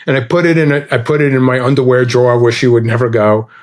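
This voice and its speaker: Lively man telling travel stories. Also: mid-range voice, fast talker. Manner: animated, acts out dialogue with quoted voices. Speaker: guest storyteller. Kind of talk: casual anecdote telling.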